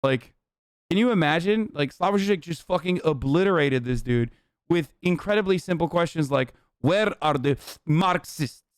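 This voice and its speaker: A man's voice: fairly high pitch, animated, normal speed, clear, resonant tone, no echo, clean studio sound. A man in his thirties doing casual livestream commentary, blunt and profane in an opinionated rant. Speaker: streamer reacting to videos.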